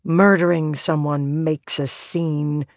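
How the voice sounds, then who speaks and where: A woman's voice: low voice, fairly even intonation, takes it slowly, no room sound, clean studio sound. A woman voicing a tense, haunted young woman in a storybook reading. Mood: wry. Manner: tense, rising to shouts.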